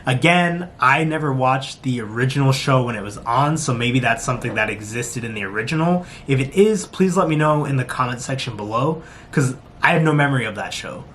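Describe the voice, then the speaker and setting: Male vlogger, mid-range voice, casual and laughing, quick to do impressions; faint background noise. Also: mid-range voice. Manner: animated, laughs often, drops into quick impressions; talks with his hands. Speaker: show reviewer. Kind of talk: casual review vlog.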